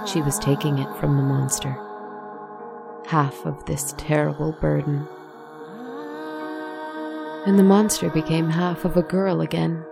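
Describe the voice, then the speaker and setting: A woman narrating a fable in a hushed storytelling manner, turning aside now and then to address the listener. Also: deep voice, steady tone, a little slow, gravelly, pauses often. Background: faint music.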